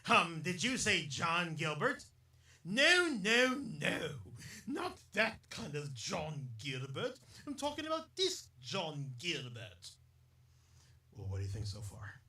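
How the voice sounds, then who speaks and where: A man with a high, bright voice hosts a rambling solo podcast, talking slowly with lots of jokes and laughter. He sounds a little away from the mic in an echoey room. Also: very animated, far from the mic. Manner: chatty and jokey, laughs often, breaks into silly asides. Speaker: podcast host.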